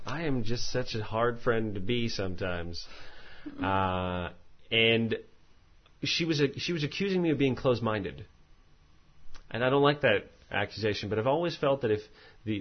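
A man's voice: fairly low pitch, highs cut off. A man hosting a podcast, chatting casually and reading listener mail aloud in a rambling, self-mocking way that often stumbles over words. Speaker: podcast host.

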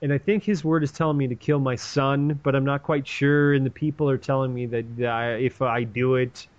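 A man's voice: medium pitch, little pitch movement, brisk, lo-fi sound. A man retelling a story in a casual, comedic way, swearing and rambling with plenty of animation.

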